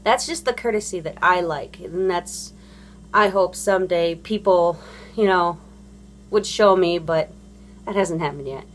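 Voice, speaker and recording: Mom ranting into the camera about bad drivers, swears a lot, rambles, tons of um and you know. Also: female voice, lowish voice, measured pace, a little hiss or hum. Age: adult parent. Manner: blunt, profane, rambling with many fillers. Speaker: vlogger. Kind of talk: casual ranting monologue.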